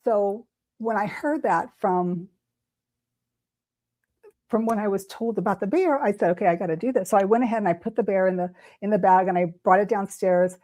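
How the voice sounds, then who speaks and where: A woman's voice: mid-range voice, normal speed, long pauses, a little mellow. A woman, a tarot reader, telling a personal story in casual chat, emotional and rambling with many restarts. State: tearful at the start. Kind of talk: casual storytelling on a talk stream.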